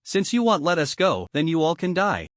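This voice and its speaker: A calm, aloof young swordsman of great power, read out by a man narrating a recap. He speaks plainly and with little effort. The recording is close and dry. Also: a little high, moderate pace, no room sound. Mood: cold.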